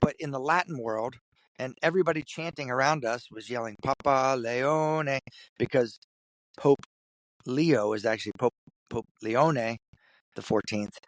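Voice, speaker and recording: A man guest in an interview, from Kentucky, telling a story in an animated way and putting on the voices of the people in it. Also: mid-range voice, moderate pace, no room sound. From Kentucky, USA. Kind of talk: storytelling in conversation.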